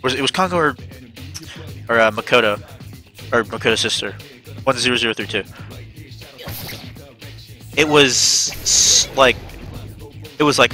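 A man streaming a game who chats casually and excitedly, swears often, and jumps into high-pitched shouts when he acts out his own reactions. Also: a little slow, long pauses, faint music behind. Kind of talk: casual chat while gaming.

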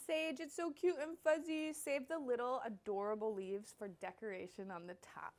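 A woman's voice: on the high side, fairly even intonation, normal speed, hardly any pauses, darkish tone. A young woman hosting a casual cooking demonstration, bubbly and playful as she chops and explains. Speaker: cooking show host.

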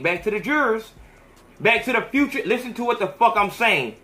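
A man's voice: high-pitched, animated, moderate pace, pushed and bright. A man hosting a podcast, giving heated, profane commentary in a preachy, fiery manner. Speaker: podcast host.

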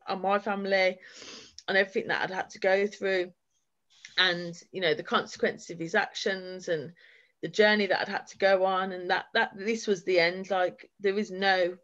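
A woman speaking as a forum guest, giving an earnest and heartfelt account of her own experience. Her voice sits at an ordinary middle pitch, and her sentences run on in long, flowing stretches. The recording is a little dull and lo-fi. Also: fairly bright tone. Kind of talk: personal testimony at a forum.

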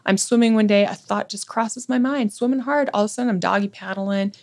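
Earnest woman, candid and often hushed. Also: medium pitch, brisk, vocal fry. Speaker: podcast guest. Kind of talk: emotional personal conversation.

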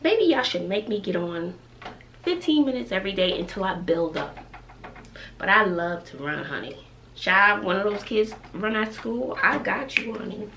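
A woman's voice: medium pitch, moderate pace, fairly bright tone, distant mic. Woman, family vlogger, chatty and musing aloud, recorded off-mic in an echoey bedroom. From Texas. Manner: chatty, muses aloud to herself. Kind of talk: casual talking to camera. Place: bedroom at home. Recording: echoey room, voice off-mic, faint noise.

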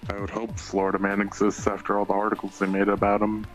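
Flat-voiced man. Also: on the low side, fast talker, soft background music. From Alabama, US. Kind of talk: casual voice-chat banter. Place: online voice chat.

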